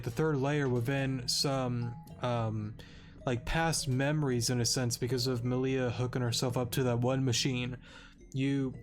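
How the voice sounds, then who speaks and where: A man recapping a game's story as a let's-play commentator, rambling and correcting himself with stammers. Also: mid-range voice. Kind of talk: casual game story recap.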